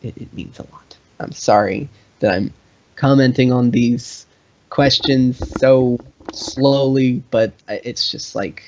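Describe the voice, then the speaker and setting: A man's voice: mid-range voice, slow, a little mellow, muffled recording, slight background noise. A man casually hosting a live stream, reading viewer comments aloud and joking around. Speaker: live stream host answering chat.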